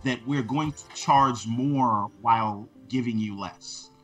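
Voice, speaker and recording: A man's voice: medium pitch, slow, fairly bright tone, soft background music. A man co-hosting a gaming podcast in casual talk, arguing his points at length with examples, a father with kids. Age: adult father of children. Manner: argumentative, builds points with examples. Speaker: podcast co-host.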